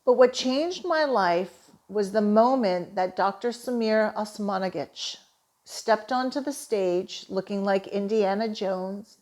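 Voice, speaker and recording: A woman's voice: mid-range voice, slow, a little mellow. A middle-aged woman from Canada, a holistic therapist, telling a personal story with earnest, emotional enthusiasm. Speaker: holistic therapist and manifesting coach.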